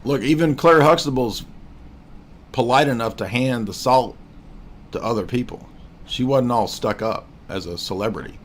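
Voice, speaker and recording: A man in his forties hosts a casual livestream, mocking and joking as he rambles through his commentary. His voice sits at an ordinary, mid-range pitch. He restarts his sentences often. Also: moderate pace, a little hiss or hum. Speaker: livestream host.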